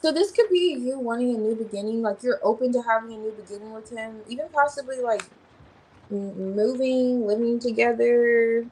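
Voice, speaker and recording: A woman's voice: on the high side, normal speed, dark tone, slightly rough, poor audio. A woman giving a casual tarot reading in an informal, slangy way, thinking aloud as she names the cards. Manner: rambling, thinking aloud while naming cards. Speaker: tarot reader.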